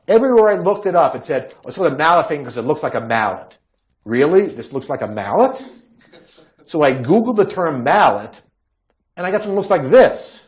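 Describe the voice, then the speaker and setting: A man giving a recorded medical lecture on hand injuries, talking conversationally with wry asides. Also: mid-range voice. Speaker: physician lecturer.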